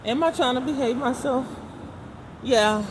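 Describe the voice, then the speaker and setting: A woman's voice: high-pitched, a little slow. New lady walking and talking on her phone cam, sarcastic and chatty, traffic noise all around. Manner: talkative, sarcastic, street slang. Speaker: vlogger. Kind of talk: casual walking vlog. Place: city street outdoors, traffic passing. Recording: noisy city street.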